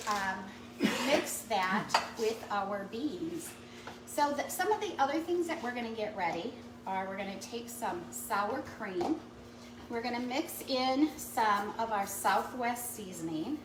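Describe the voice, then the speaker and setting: A woman's voice: a little high, reverberant, recorded from a distance, background noise. A woman giving a chatty step-by-step cooking demonstration in a kitchen. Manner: chatty step-by-step instructions with fillers.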